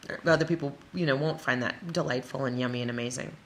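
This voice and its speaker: A woman's voice: rumbling low, fast, slight background noise. A woman from Wisconsin giving a motivational talk as a creative coach, stressing her points in repeated phrases with playful asides. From Wisconsin, USA.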